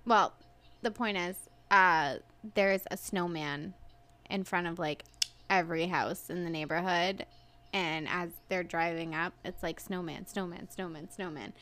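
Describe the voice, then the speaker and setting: A woman's voice: lowish voice, steady tone, unhurried, bright, forceful tone, clean tone. Woman podcast co-host, casual and candid, swears freely, acts out exasperated quotes. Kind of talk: casual chat.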